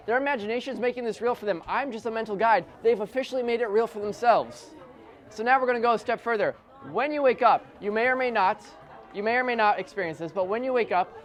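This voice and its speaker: Fast-talking male stage hypnotist. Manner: rhythmic, repetitive hypnotic suggestions, sinking low and soft on "deeper and deeper"; chatty, joking asides to the audience. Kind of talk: live hypnosis show with volunteers. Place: corporate event room with an audience. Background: faint audience.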